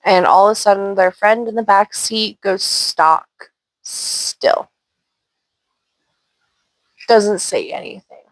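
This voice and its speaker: At a moderate pace with few pauses, a medium-pitched woman from Washington State tells paranormal stories on her channel in a dry recording. Her storytelling is casual, with loose, chatty tangents.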